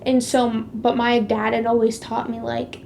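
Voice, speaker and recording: A woman's voice: a little high, little pitch movement, moderate pace, vocal fry, darkish tone, slight background noise. A woman telling a personal story in a casual, chatty way, leaning hard on "like" and stressing the big moments. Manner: chatty, heavy use of "like"; emphatic retelling of a past conflict. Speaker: vlogger sharing a faith testimony.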